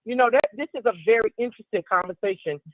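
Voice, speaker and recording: A woman calling into a talk show and offering her opinion in a reflective, measured way. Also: on the high side, no room sound, phone-quality sound. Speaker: caller.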